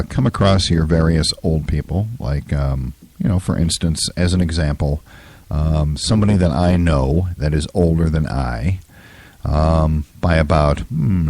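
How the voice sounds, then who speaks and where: A man in his fifties hosting a solo talk show, his throat scratchy and hoarse, talking in an opinionated, rambling way full of fillers. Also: very deep voice, a little mellow, no echo. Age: 50s. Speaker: podcast host.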